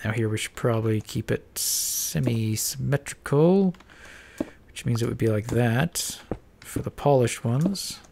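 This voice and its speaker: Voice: medium pitch, a little slow, vocal fry, background noise. Stuffed-up, mumbling gamer thinking aloud. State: stuffed-up nose. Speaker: Minecraft let's-player. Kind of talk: casual building commentary.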